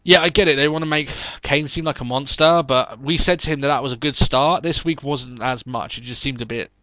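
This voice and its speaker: A man's voice: medium pitch, a little fast, bright, forceful tone, no room sound, poor audio. A man co-hosting a casual wrestling podcast, talking loosely with lots of fillers and frequent laughter. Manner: chatty, laughs often, many fillers. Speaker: podcast co-host. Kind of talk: casual chat.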